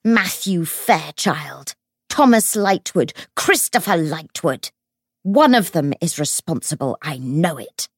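A woman's voice: low-pitched, lively intonation, takes it slowly, slightly rough, no room sound, clean studio sound, full character voice. A woman voicing a grieving, hysterical older widow who wails and shrieks accusations. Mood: frantic accusing. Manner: wailing, shrieking, desperate.

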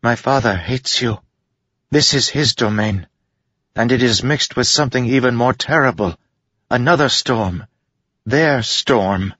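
A man's voice: mid-range voice, unhurried, pushed and bright, husky, dry recording, pitched above the performer's own voice. A man voicing a small, wary female wind spirit who speaks in urgent warnings, in a dull, dry audiobook recording.

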